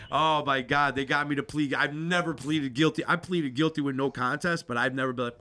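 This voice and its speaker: A man's voice: on the high side, a little fast, few pauses, bright, forceful tone. A middle-aged man telling a story in casual talk, swearing freely and acting out both sides of the conversations. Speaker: podcast guest.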